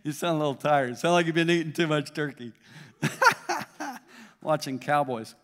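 A man's voice: fairly high pitch, sing-song, unhurried, a bit bright. A man pastor with a Southern US accent, preaching a sermon to his congregation, building up in intensity and then joking with the crowd. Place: church auditorium. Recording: long hall reverb.

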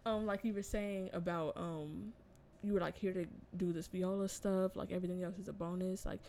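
A woman's voice: lowish voice, fairly even intonation, a little fast, gravelly, warm tone, slight background noise. A young woman in her twenties co-hosting a casual podcast, rambling with lots of fillers. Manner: rambling, filler-heavy, trailing off. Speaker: podcast co-host. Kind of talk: casual chat.

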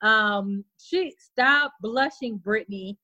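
A woman's voice: a little high, takes it slowly, lo-fi sound. A woman guest on a podcast, talking casually and with animation, acting out people's reactions. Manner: animated, laughing, plays out reactions in voices. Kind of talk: casual conversation.

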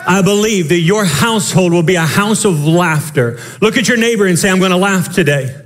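High-voiced impassioned male pastor. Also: lively intonation. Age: young adult to middle-aged, father of children. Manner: impassioned preaching with sudden shouts and quick asides. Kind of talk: sermon.

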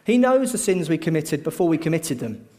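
Animated preacher, man. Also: on the high side, a little fast, big-room sound. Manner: animated storytelling, acts out crowd voices. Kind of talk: sermon.

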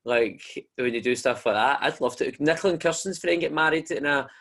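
A Scottish man hosting a casual podcast, excitable and jokey, with sweary banter. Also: on the high side, a little fast, creaky. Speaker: podcast host.

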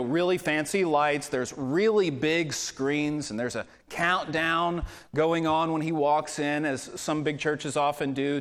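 A man preaching a sermon as a pastor, telling a story in a conversational way and getting animated when quoting others, in a church sanctuary. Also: on the high side. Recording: long reverb of a church hall.

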